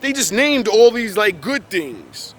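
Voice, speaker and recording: A man's voice: high voice, big pitch swings, slow, a bit bright, voice pushed up, heavily acted. A man putting on a self-righteous churchgoer who pleads in a mock-pious way. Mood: pleading.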